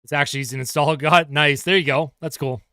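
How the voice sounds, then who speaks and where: A young man calling hockey play-by-play as a fan on a live stream, getting excited over the action and chatting with his viewers in between. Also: a little high, fast talker, smooth, dry recording, studio quality. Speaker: livestream host and hockey fan commentator.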